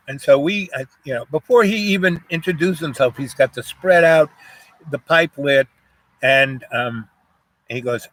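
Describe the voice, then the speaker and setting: A man's voice: fairly high pitch, measured pace, fairly bright tone. An older man from Jamaica telling a rambling personal story, full of "you know" and "um" fillers.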